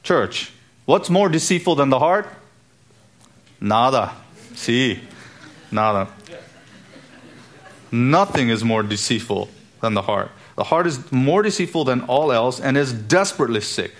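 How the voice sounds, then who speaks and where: Male pastor, mid-pitched and gravelly, preaching emphatically. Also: expressive, a little slow, pauses often. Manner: emphatic preaching with rhetorical questions. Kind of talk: sermon.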